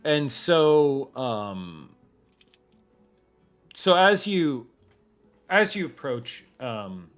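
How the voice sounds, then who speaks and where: A man's voice: medium pitch, very animated, very slow, pauses often, soft background music. A man narrating a tabletop game as game master in a rambling, laid-back way.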